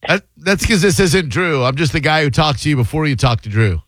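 Male talk radio host, higher voice, dry close studio mic, animated and joking. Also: no echo. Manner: animated, joking, quick banter. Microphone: studio microphone.

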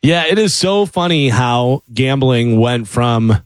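A man's voice: mid-range voice, animated, slow pace, dry recording. A man co-hosting a morning radio show, chatting casually in the studio.

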